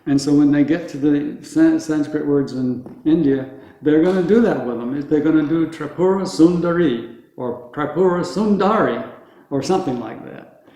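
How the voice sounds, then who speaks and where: A man teaching a group how to pronounce words, slowly and patiently, repeating each word for them to echo back. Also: a little high, dark tone. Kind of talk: teaching Sanskrit pronunciation to a group. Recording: very echoey room.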